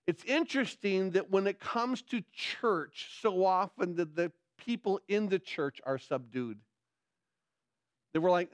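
A male pastor preaching a sermon, excitable and getting louder as he gets worked up, often restarting his words. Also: high voice, measured pace, no echo. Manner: excitable, gets loud when excited, many repeated restarts.

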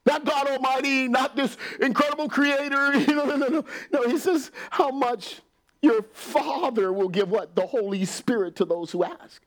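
A man with a very high voice delivers a sermon in church at a moderate pace. He's animated and laughs a lot, acting out quotes and at times dropping his voice to a whisper.

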